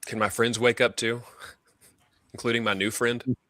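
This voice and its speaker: A man playing in a tabletop role-playing game, joking in a relaxed way. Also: medium pitch, unhurried, dry recording. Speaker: player. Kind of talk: casual tabletop play.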